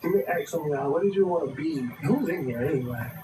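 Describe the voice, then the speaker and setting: A man with a raised, fairly high voice rambles through a preachy, profane talk aimed at his viewers. He sounds set back from the mic, and a TV and room noise carry clearly behind him in his home craft room. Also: lively intonation, fast talker, far from the mic. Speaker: livestream show host. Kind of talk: rambling livestream monologue.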